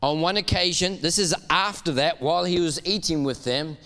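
A man preaching a sermon in a church, animated and laughing as he urges the congregation to call back to him. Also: fairly high pitch, moderate pace, big-room sound. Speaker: pastor.

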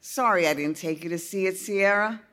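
A woman voicing a weary, gentle middle-aged father with a soft, apologetic tone in a storybook reading. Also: mid-range voice, normal speed, natural voice.

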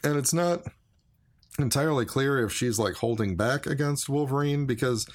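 A man's voice: medium pitch, normal speed. A man co-hosting a casual podcast, retelling a movie's plot in a plain, matter-of-fact way. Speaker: podcast co-host. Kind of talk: casual movie recap chat.

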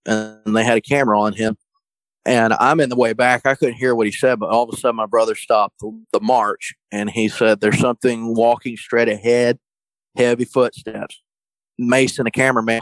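Guy spinning a yarn, down-home talk, mid pitch, dry close sound. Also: dry recording, rough recording. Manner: folksy, colloquial, animated when quoting others. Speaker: guest storyteller. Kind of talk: casual storytelling.

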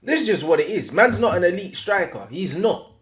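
A man's voice: high voice, animated, fairly quick, a bit bright. A young man with a London accent, co-hosting a football podcast, giving blunt opinions in slang. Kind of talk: casual chat.

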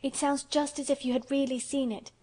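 A woman's voice: flat delivery, fairly quick, warm tone, natural voice. A woman voicing Colin, a fretful sickly boy. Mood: eager. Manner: eager and high-strung. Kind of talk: storybook character voice.

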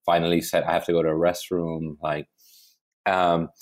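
Man, very low voice, comedian guest, casual chat, profane, animated storytelling. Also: moderate pace. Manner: animated, profane, keeps restarting.

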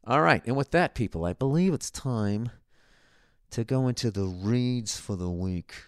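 Male podcast host, sarcastic and swearing, smooth clear voice, bone-dry sound. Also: medium pitch, animated, measured pace, dry recording. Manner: profane, rambling, sarcastic. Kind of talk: casual comedic rant and ad read.

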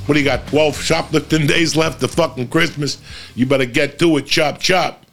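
A man's voice: a little high, steady tone, normal speed, gravelly, fairly bright tone, soft background music. A man hosting his podcast, telling a rambling story in casual chat and swearing constantly. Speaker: podcast host.

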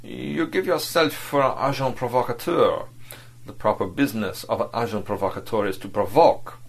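A man's voice: mid-range voice, normal speed, gravelly, husky. A man reading aloud, voicing a contemptuous foreign embassy official who speaks in a guttural, domineering way. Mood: fierce.

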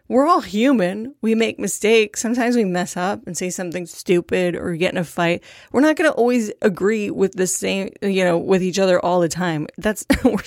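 A woman's voice: medium pitch, no room sound. Casting note: woman, mid-range voice, blunt and sarcastic, profane, candid solo talk, dry close mic. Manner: frequent laughter and fillers. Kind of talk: candid monologue.

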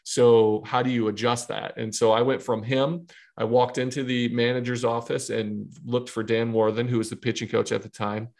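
Man telling a lively baseball story. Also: medium pitch, moderate pace, gravelly. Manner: animated storyteller acting out dialogue, laughing. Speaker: podcast co-host and former baseball pitcher. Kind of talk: casual podcast chat.

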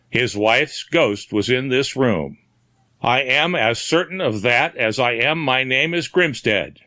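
A man's voice: medium pitch, pushed and bright, no echo, clean studio sound. Man playing a stubborn, insistent newspaperman. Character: stubborn male newspaper reporter.

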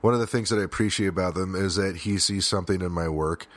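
A man with a very low voice talks through a personal podcast monologue. He speaks earnestly and with plain emotion, often stopping and starting again mid-thought. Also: quick pace, fairly bright tone, no echo. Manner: frequent restarts and fillers, swears at times. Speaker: podcast host.

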